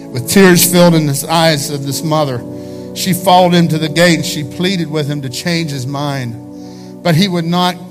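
A male pastor preaching a sermon, impassioned, rising to pleading peaks. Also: fairly high pitch.

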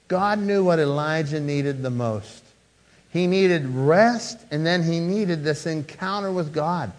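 Male pastor with a slightly higher voice, earnest sermon delivery, loud-to-hushed swings. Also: slow. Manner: repeats and restarts words.

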